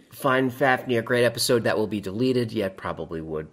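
A man's voice: mid-range voice, expressive, normal speed, fairly bright tone. Guy running a live stream reading chat, dry jokey asides, laughs a lot, rambles on. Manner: wry, rambling asides, laughs at his own jokes. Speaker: livestream host reading chat. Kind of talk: casual livestream chat.

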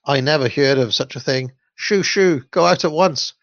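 A man's voice: fairly high pitch, normal speed, fairly bright tone, no room sound. A man reading aloud, voicing a kindly, fussing mother of a little girl who keeps exclaiming in fluster. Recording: dull lo-fi dry recording.

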